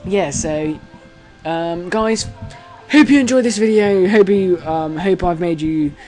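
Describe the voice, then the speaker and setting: A young man in his late teens telling a story to camera in a rambling, excitable way, full of fillers, restarts and swearing. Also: sits high, slow, faint music behind, rough recording. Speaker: vlogger.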